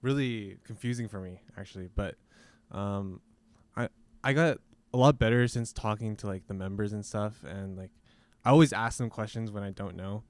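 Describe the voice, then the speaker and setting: A man's voice: on the low side, steady tone, normal speed, darkish tone, dry recording. A man guesting in a radio interview, speaking in an easygoing way with lots of "like". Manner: easygoing, heavy use of "like". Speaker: band member guest. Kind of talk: casual interview talk. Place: radio studio.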